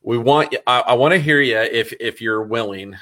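A man hosting a podcast interview, chatting casually and enthusiastically at a quick clip. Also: mid-range voice, pushed and bright. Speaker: podcast host. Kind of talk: casual chat.

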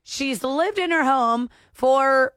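A woman hosting a radio morning show, telling a story in a lively, teasing way into a studio microphone. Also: high voice, slow, dry recording.

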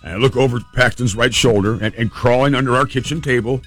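A man recounts a personal story with earnest, emotional vividness, his voice at a middling pitch. Faint music plays softly underneath. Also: fast.

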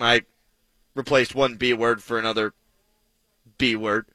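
Sports radio guy, bright edgy voice, punchy and kinda self-mocking, right on the studio mic. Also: medium pitch, measured pace, no echo, rough recording. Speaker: sports talk radio host. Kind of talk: sports talk radio monologue.

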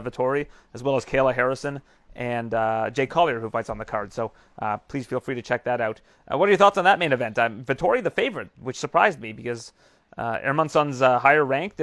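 Fast-talking man hosting a sports chat. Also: medium pitch, fairly bright tone, no room sound, clean studio sound. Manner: fast, chatty, many fillers. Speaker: MMA show host.

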